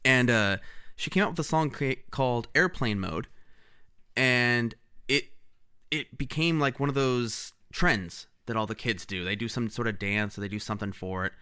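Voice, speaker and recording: A man co-hosts a casual music podcast with a bright, forceful tone and a smooth, resonant voice. He rambles and restarts his sentences often, laughing easily as he talks. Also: mid-range voice, moderate pace. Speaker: podcast co-host. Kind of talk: casual chat.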